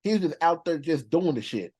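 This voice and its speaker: A man's voice: fairly high pitch, expressive, a little fast, a little mellow, slightly rough. A man hosting a movie reaction channel, counting down characters in casual, profane slang and laughing often.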